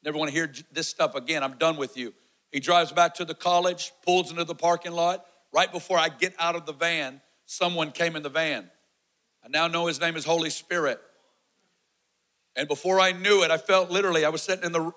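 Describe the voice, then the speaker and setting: A man in his forties delivering a sermon testimony with a bright, forceful voice that sits a little high. He tells his story with animated energy, acting out the shouts and quoted lines. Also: a little fast, poor audio. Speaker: preacher.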